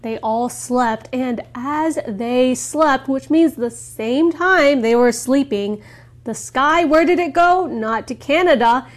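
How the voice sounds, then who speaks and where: A woman teacher slowly explaining words in a story for English learners. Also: high-pitched. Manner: slow, clear explanations.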